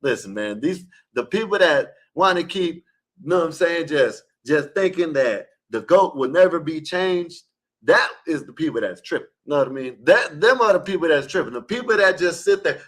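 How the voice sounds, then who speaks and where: Dude on a call-in panel going off about sports, keeps repeating himself, fairly high voice. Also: male voice, expressive, normal speed, a bit bright. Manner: emphatic, repetitive, scolding the listeners. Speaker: caller in an online open panel. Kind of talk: heated casual sports debate.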